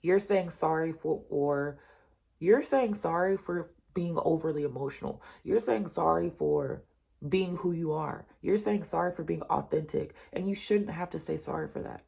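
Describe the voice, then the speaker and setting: A woman with a dark, husky voice gives a casual tarot reading, speaking straight to her listeners. She repeats her points with emphatic reassurance and calls them y'all. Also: low voice, normal speed. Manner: direct, repetitive, addresses the listener as you and y'all. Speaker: tarot reader.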